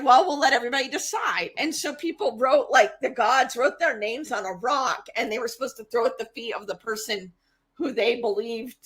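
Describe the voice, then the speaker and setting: A woman co-hosting a podcast, retelling myths in a casual, animated way and acting out the characters. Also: on the high side, husky. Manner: animated retelling with acted-out voices. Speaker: podcast co-host. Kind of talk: casual storytelling.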